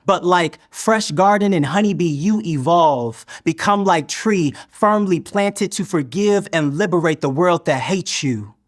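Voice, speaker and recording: A man performing spoken word poetry in a slow, measured, deliberate recitation. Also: high voice, expressive.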